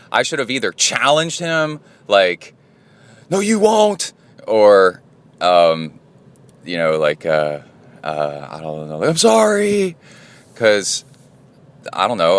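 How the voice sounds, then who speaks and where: A man's voice: sits low, a bit bright. A man hosting a podcast, telling a rambling story in a casual monologue while driving, with lots of fillers and restarts. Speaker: podcast host. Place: in a car on the road.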